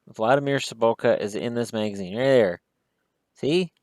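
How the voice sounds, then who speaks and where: A man's voice: lowish voice, a little fast, a little mellow, dry recording. A man giving casual solo hockey commentary in a rambling, wry way, with self-deprecating asides.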